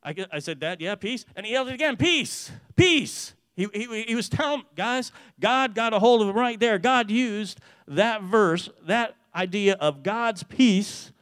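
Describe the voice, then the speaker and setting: A man giving an earnest testimony to a church, telling the story in a way that grows animated. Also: high-pitched, normal speed, few pauses, clear, resonant tone, dry recording. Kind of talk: testimony sermon.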